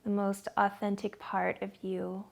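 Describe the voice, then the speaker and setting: A woman yoga instructor leading a gentle class from her living room in a slow, soothing guiding voice. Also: medium pitch, completely flat delivery, vocal fry.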